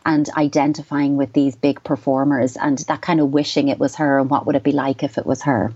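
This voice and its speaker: Irish woman, low voice, calm advice on radio, dull dry sound. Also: husky, no room sound. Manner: measured, reassuring, explanatory. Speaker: child psychotherapist guest.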